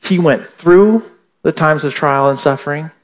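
Male pastor, higher voice, sermon delivery, punctuates with "right?", repeats key lines. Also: unhurried. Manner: repeats "right?" to the congregation, emphatic restatements; acts out imagined indignant listeners with a raised voice.

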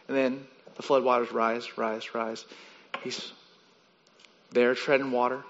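A man's voice: steady tone, unhurried, pauses often, fairly bright tone. Man preaching in an echoing hall. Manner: teaching, acts out story voices with rising pitch. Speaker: pastor. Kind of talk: sermon. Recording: muffled sound with long hall reverb.

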